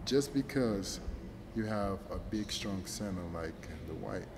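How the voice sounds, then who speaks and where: A man's voice: on the low side, unhurried, creaky. An American man with a Nigerian accent, a basketball camp organizer, talking insistently in casual interview banter and repeating himself to make a point. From United States. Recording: echoey hall with steady background noise.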